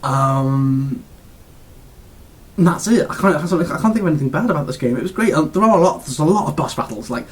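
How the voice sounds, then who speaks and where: A man's voice: a little high, lively intonation, a little fast. A British man giving a casual video game review, gushing and rambling with lots of restarts and fillers.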